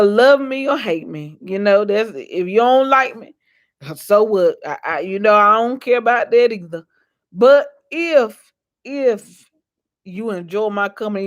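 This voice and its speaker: A woman vlogger giving a faith-based motivational talk, preachy and repetitive, folksy and calling out to her viewers. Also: mid-range voice. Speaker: inspirational vlogger.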